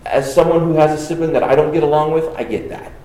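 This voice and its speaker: A man's voice: a little high, quick pace, mellow, echoey room, rough recording. A man giving an exegetical Bible lesson, reading passages aloud and then commenting with rhetorical questions and repeated phrases. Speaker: Bible teacher.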